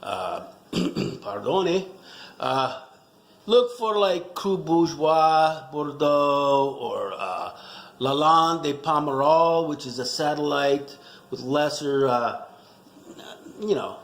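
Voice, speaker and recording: A middle-aged man with a gravelly, rough-edged voice, rambling through a joking, self-mocking rant. His pitch swings up and down freely as he riffs, and the sound bounces around an echoey room. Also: big pitch swings, slow pace. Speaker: wine vlogger. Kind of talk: casual comedic rant.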